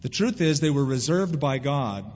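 A male pastor preaching a sermon in an animated way, acting out quoted voices. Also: medium pitch, moderate pace. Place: church sanctuary. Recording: dull lo-fi sound with long hall reverb.

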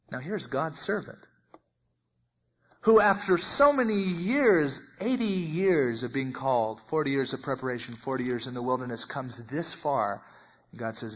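Husky lo-fi preacher teaching Bible verses. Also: male voice, mid-range voice, animated, moderate pace. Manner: conversational, acts out the voices in the passage, wide swings in loudness. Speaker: pastor. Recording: muffled lo-fi recording.

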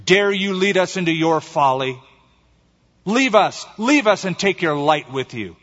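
A man voicing fearful, angry cave dwellers in a spoken storybook, shouting high and strained. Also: moderate pace, lightly acted. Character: frightened angry cave dwellers, a crowd of men. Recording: dull recording in echoey hall.

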